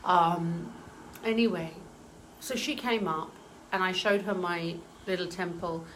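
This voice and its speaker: A woman's voice: on the low side, fairly even intonation, slow pace, fairly bright tone, a little hiss or hum, poor audio. Brief: earnest woman medium, casual storytelling, hesitant and emotional. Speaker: spiritual medium.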